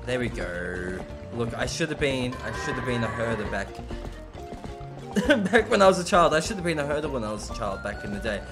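A man with a mid-range voice streams a video game as a let's play streamer, sounding animated and brisk. He jokes casually through his commentary and talks back to the characters while game music plays.

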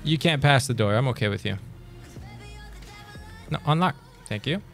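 Excitable swearing male game streamer. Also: medium pitch, moderate pace, creaky, soft background music. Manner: swears and talks back to enemies, excitable. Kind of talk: live gameplay commentary.

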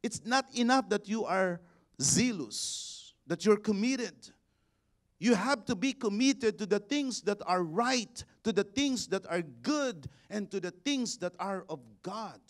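A man, a bishop preaching a sermon, building to shouted exhortations and leading the congregation in call-and-response. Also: high-pitched, animated, measured pace. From Philippines.

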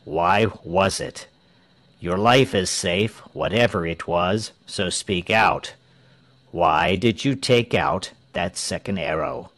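A man's voice: low-pitched, takes it slowly, fairly bright tone, no room sound. A man reading a storybook, voicing a stern male tyrant governor who speaks in a cold, commanding way. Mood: probing.

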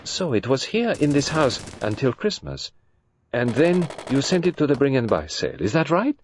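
A fussy, precise elderly Belgian detective, as a man puts him on for a storybook reading, pitched high above the reader's own low voice. He speaks with formal courtesy and enunciates each word carefully, his tone rising and falling in lively, inquisitive turns. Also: normal speed, a little hiss or hum, lightly acted. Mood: polite, probing.

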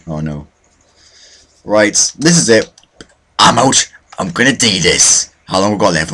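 A man's voice: low voice, sharp tone, breathy edge. A young man hosting a let's play, commentating his own matches with self-mocking, mock-boastful trash talk. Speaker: gaming channel host.

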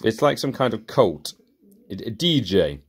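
A young man talks through a casual toy review in a sarcastic, exasperated way. His pitch jumps around a lot as he grumbles and scoffs. The talk is loose, off the cuff commentary. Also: very animated, unhurried, breathy edge.

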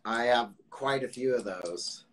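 A man hosting a casual interview chat, telling a story in an animated way, acting out quotes and swearing. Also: medium pitch, measured pace, low-quality recording. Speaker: host.

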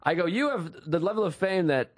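A man in his thirties co-hosting a comedy podcast, talking casually and putting himself down along the way. His voice sits slightly high and moves around a lot in pitch. He trips over his words when he gets excited. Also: brisk. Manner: rambling, self-deprecating, stammers when excited. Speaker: podcast co-host. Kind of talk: casual chat.

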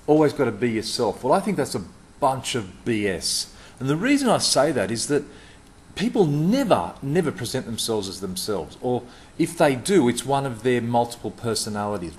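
A man's voice: mid-range voice, a little hiss or hum. A middle-aged man giving a punchy, emphatic talk to camera about customer service, repeating words for stress.

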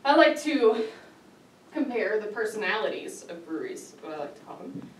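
Speaking to a club audience in a meeting hall, a woman delivers a prepared speech that is lighthearted and full of laughter. Her medium-pitched voice is sing-song at normal speed. The recording is roomy, the mic far off, with the audience audible.

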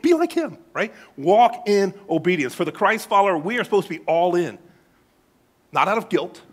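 Pastor guy in his 50s, preaching, joking with the congregation, bit of a higher voice. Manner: lively, asks the congregation questions and jokes. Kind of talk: sermon. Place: church sanctuary.

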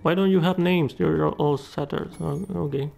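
A man's voice: fairly high pitch, steady tone, moderate pace, vocal fry, darkish tone. A man giving casual gameplay commentary, muttering, swearing and talking back to the characters on screen. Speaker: let's play gamer.

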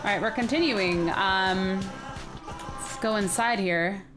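A woman hosting a let's play, chatting excitedly and often sounding confused as she plays. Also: medium pitch, slow, over music. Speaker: gaming video host.

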